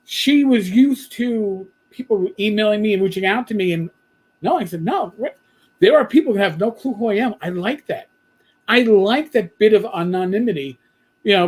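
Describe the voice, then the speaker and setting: A man's voice: high-pitched, slightly rough, rough recording. A man hosting a livestream chat, telling a story and quoting others. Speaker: podcast host.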